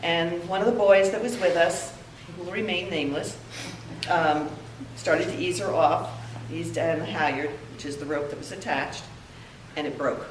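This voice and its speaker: An older woman giving a heartfelt memorial tribute, telling stories with pauses. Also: lowish voice, slight background noise. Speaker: eulogy speaker. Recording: echoey room, heard from a distance.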